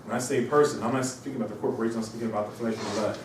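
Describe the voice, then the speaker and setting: A man from Mauritania giving an informal, animated lecture to a small audience, repeating himself and slipping into mocking voices. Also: medium pitch, rapid-fire, slight background noise. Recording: echoey room, distant mic.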